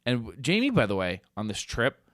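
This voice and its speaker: A young man co-hosting a podcast, retelling a story in a casual way and acting out loud outbursts. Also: mid-range voice, wildly swooping pitch, brisk, dry recording, clean studio sound. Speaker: podcast co-host.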